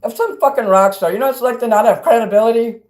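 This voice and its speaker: A middle-aged man livestreaming and reading chat, ranting angrily and profanely, swinging between loud outbursts and quiet asides. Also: very high-pitched, fast. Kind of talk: angry livestream rant.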